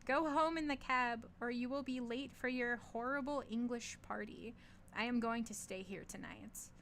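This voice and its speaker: A woman's voice: fairly high pitch, normal speed, fairly bright tone, slight background noise. Woman reading as a hot-tempered young Frenchman. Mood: impatient. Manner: impatient and scornful.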